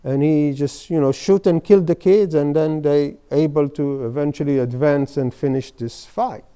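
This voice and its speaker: A man giving an informal workshop lecture on therapy, in halting, full of "you know" and restarts. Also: on the high side, fairly even intonation, warm tone, clean tone. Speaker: psychotherapy lecturer. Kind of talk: workshop lecture with case stories.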